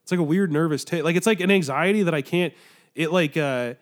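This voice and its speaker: Rambling young man, slightly high voice. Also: brisk. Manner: rambling, with many "like" fillers and swearing. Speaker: podcast co-host. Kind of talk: casual podcast chat.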